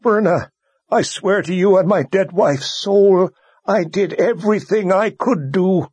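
Audiobook role: male narrator doing a distraught, choked-up man, pitched high and loud. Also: a little slow, breathy edge, dry recording. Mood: anguished. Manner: choked with emotion, pleading. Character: grief-choked loyal man, fighter. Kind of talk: audiobook character voice.

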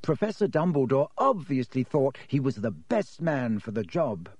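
A man's voice: mid-range voice, big pitch swings, normal speed, darkish tone, husky, no echo. A man voicing a clever, anxious schoolgirl who speaks earnestly.

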